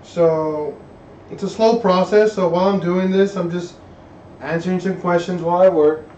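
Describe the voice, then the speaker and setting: Streaming live from his garage workshop as he works on an engine, this man speaks in a high, steady voice at a moderate pace, with a darkish tone. He reads chat out loud, wanders off mid-thought, and starts sentences over. The audio has some hiss or hum, with garage echo and a distant, dull mic.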